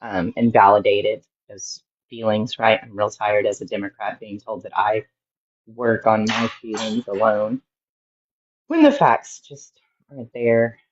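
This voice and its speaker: A woman's voice: very deep voice, steady tone, a little slow. A woman calling in to a political talk show who speaks earnestly and thoughtfully, searching for her words. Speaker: caller. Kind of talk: call-in discussion. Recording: dull lo-fi call line.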